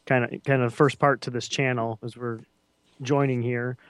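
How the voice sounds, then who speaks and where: A man's voice: medium pitch, little pitch movement, moderate pace, fairly bright tone, clear, resonant tone, no room sound. A man hosting a casual gaming podcast, rambling through his introduction with fillers and restarts. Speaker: podcast host.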